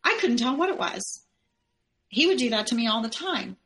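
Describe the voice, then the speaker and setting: A woman's voice: on the high side, sing-song, normal speed, a bit bright, rough recording. A woman, a podcast guest, telling a personal story step by step in the present tense.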